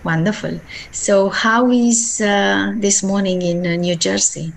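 A woman hosting a podcast interview, speaking in a measured, polite way with frequent fillers. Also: mid-range voice, fairly even intonation, creaky, slight background noise. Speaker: podcast host.

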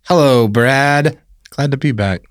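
A man's voice: medium pitch, takes it slowly, no room sound, clean studio sound. A man as podcast guest, answering in a wry, self-deprecating way. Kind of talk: casual chat.

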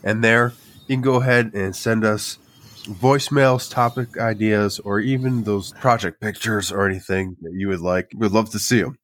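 A man's voice: on the low side, steady tone, moderate pace, a bit bright. A man co-hosting a casual woodworking podcast, running through contact details in a playful, wry way. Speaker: podcast co-host. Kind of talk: casual podcast outro chat.

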